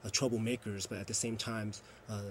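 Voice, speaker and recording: A man's voice: fairly low pitch, little pitch movement, brisk, slight background noise. Earnest man explaining youth work. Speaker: youth program coordinator. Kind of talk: TV interview answer.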